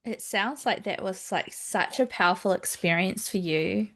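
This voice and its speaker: A woman hosting a podcast, responding slowly and reflectively to her guest. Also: mid-range voice, fairly bright tone. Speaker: podcast host. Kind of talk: conversational interview.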